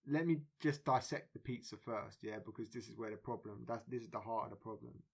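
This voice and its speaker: A man co-hosting a podcast, teasing and explaining in quick bursts during casual chat. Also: medium pitch, creaky, a little mellow, slightly rough. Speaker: podcast co-host.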